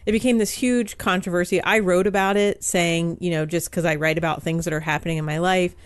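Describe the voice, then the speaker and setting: Woman in her 40s, guest columnist, chatty anecdote-telling, smooth clear voice, dry close sound. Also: lowish voice, fairly even intonation, brisk, dry recording. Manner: chatty storytelling with frequent "um" and "like". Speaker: guest author, newspaper columnist. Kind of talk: casual podcast interview.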